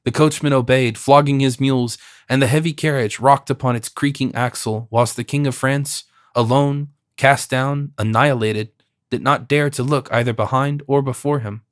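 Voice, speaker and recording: A man narrating a classic novel as an audiobook, in a measured, expressive reading. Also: medium pitch, dry recording, studio quality.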